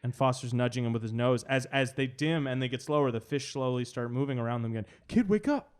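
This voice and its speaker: A man co-hosting a comedy podcast, narrating an improvised movie scene with halting restarts. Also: medium pitch, fairly even intonation, clean tone. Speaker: podcast co-host.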